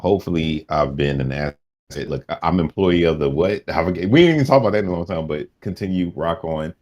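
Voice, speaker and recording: A man's voice: sits low, fast, darkish tone, highs cut off. A man co-hosting a podcast in casual chat, talking in a laid-back, slangy way. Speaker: podcast co-host.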